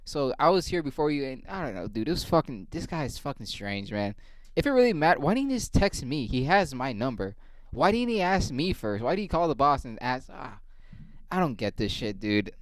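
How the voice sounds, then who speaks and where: A man rambling through a casual comic monologue, wry and heavy on profanity. His voice is smooth and resonant. It sounds dry and close to the mic. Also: mid-range voice, big pitch swings, moderate pace, no echo. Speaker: comedian and podcast host.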